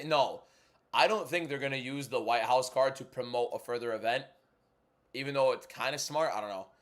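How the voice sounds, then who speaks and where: Young male streamer, mid-pitch, casual and chatty, answers chat with blunt opinions at a desk mic at home. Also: fairly bright tone. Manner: chatty, frank, quick opinions, reads viewer questions aloud. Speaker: livestream host.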